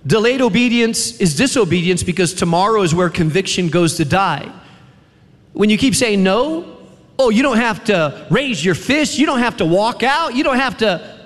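A man preaching with a high, animated voice that rises and drops sharply. He drives his points home through repeated refrains and long dramatic pauses. His voice rings with the long reverb of a large chapel hall. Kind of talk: sermon to a chapel audience.

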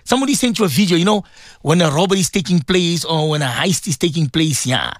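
A man's voice: a little high, normal speed, dry recording, studio quality. A man hosting a religious radio talk show, rambling and repeating words as he chats with a co-host.

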